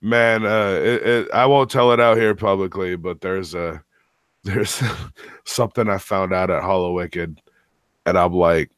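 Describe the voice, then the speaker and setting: A man's voice: low-pitched, fairly even intonation, measured pace, smooth, no echo. A man hosting a casual podcast from home, talking loosely and profanely with plenty of slang. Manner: loose and profane, storytelling, slangy with "fam" and "bro". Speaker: podcast host. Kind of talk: casual chat.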